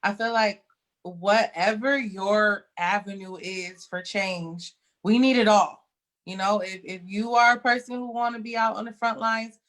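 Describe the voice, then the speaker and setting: A woman's voice: mid-range voice, fairly bright tone. A young woman from Rochester, speaking as a guest on a video call, talking in an earnest, emphatic way. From Rochester, New York. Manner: earnest and emphatic, becomes heated and tearful when recalling. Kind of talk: casual interview talk.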